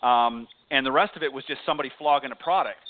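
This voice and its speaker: Canadian host on a tinny phone line. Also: male voice, medium pitch, fast, slight background noise. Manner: brief agreeing replies, casual. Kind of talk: interview chat.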